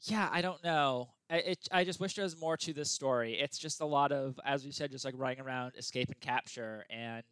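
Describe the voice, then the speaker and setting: A man's voice: medium pitch, fairly quick, hardly any pauses, a bit bright, smooth, no echo. A man co-hosting a casual discussion podcast, easygoing and agreeable, hesitating with fillers as he thinks. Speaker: podcast co-host.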